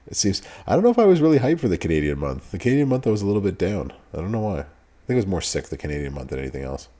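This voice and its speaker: A man with a deep, low-pitched voice hosts a relaxed live stream. He chats casually, greets viewers one by one, and laughs easily between remarks. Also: very fast. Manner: laid-back, greets chat viewers by name, laughs often. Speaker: streamer host.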